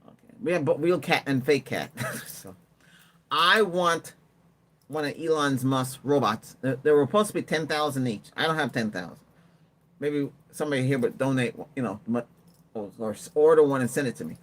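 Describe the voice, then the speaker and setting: A man's voice: medium pitch, moderate pace, fairly bright tone. A man hosting a tech livestream, chatting casually and rambling while he answers viewer comments and laughs often. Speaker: livestream host.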